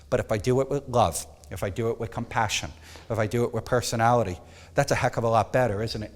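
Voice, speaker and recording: A man teaching a photography workshop, emphatic and animated, sometimes dropping to a soft coaxing tone. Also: medium pitch, big-room sound. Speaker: photography instructor.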